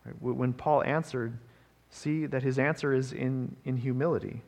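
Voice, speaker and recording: A man's voice: mid-range voice, steady tone, normal speed, vocal fry, a little mellow, long reverb tail. A man pastor preaching a sermon in a conversational way, often checking in with the congregation. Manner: conversational preaching, frequent "right?" asides.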